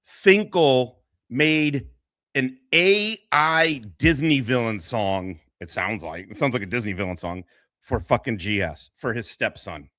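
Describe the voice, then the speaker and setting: Rambling, foul-mouthed male streamer reacting to clips, bright, edgy voice recorded close and dry, laughs a lot as he talks. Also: medium pitch, expressive, a little slow, dry recording. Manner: rambling, crude, laughing often. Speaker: commentary streamer. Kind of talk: profane reaction commentary.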